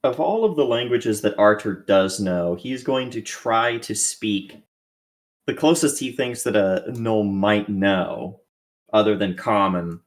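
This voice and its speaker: Low-voiced man tabletop player. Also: takes it slowly. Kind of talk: narrating own character in a tabletop game.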